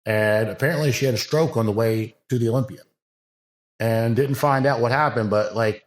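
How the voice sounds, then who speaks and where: An earnest man in a relaxed podcast chat, voice pitched at an ordinary middle height. He talks in long loose run-on sentences, often stopping to add fillers before pressing on. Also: normal speed. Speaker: bodybuilding coach and podcast guest. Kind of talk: casual podcast conversation.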